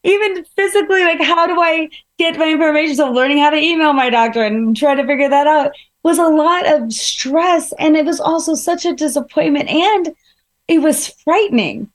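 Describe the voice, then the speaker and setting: A woman's voice: high voice, normal speed. A woman who gives keynote speeches, talking reflectively about a personal experience. She asks herself questions earnestly and often says "like.". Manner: earnest, self-questioning, frequent "like". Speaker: keynote speaker.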